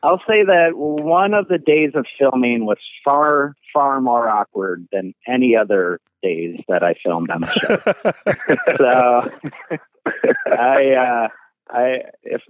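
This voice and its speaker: A man's voice: mid-range voice, expressive, no room sound, narrow, tinny audio. Self-deprecating Midwestern man on a call. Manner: self-deprecating, laughs often, halting restarts. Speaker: actor guest. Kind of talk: podcast interview by phone.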